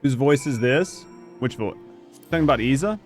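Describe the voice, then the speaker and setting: A man's voice: mid-range voice, lively intonation, moderate pace, faint music behind. A man streaming a game, talking loosely and jokingly, swearing now and then and reading game text aloud. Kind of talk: casual let's-play commentary.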